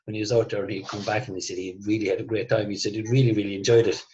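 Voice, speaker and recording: A man's voice: fairly low pitch, flat delivery, racing, a little mellow, lo-fi sound, a little hiss or hum. A man hosting a casual conversation, telling rambling stories with frequent restarts and laughter. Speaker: host.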